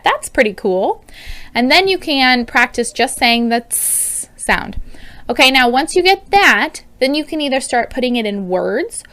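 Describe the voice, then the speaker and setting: A woman's voice: high voice, fairly bright tone. A woman in her thirties teaching parents how to help children with speech sounds, in an upbeat, demonstrative way. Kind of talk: instructional video.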